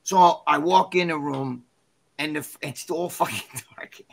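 A man guest in an interview, telling a story in a rambling, animated, profane way. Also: a little high, unhurried, vocal fry. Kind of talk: casual storytelling.

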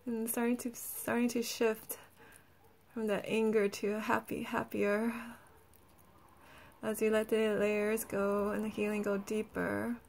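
A woman energy healer who talks gently and soothingly in a guided healing session, laughing often and saying "like" a lot. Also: mid-range voice, little pitch movement, measured pace, creaky.

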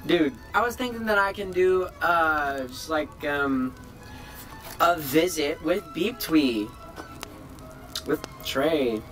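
A young man chatting casually in a vlog, rambling and excitable, swearing now and then. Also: fairly high pitch, slow, soft background music. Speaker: video creator.

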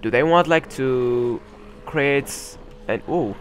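A man's voice: medium pitch, takes it slowly, a little hiss or hum. A man commenting on a video game as he plays, musing hesitantly with many fillers. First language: Arabic. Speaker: gamer. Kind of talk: let's play commentary.

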